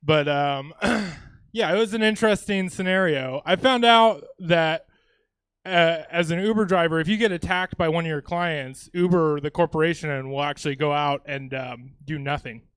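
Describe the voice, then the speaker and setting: A man's voice: on the high side, moderate pace, fairly bright tone, smooth, no room sound. A man from Louisiana doing a stand-up comedy set on a comedy theater stage, talking casually with swearing and chuckling asides.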